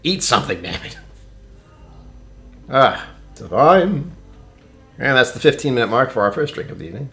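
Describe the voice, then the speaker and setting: A man's voice: medium pitch, expressive, very fast, hardly any pauses, bright, forceful tone, faint music behind. A man hosting a casual whiskey-tasting live stream, rambling and joking as he reads chat aloud.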